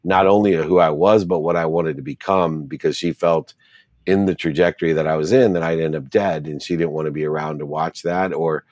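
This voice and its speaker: A man's voice: rumbling low, steady tone, brisk, darkish tone, no room sound, studio quality. A middle-aged man, an interview guest, telling his life story in an earnest, reflective way and stacking repeated phrases.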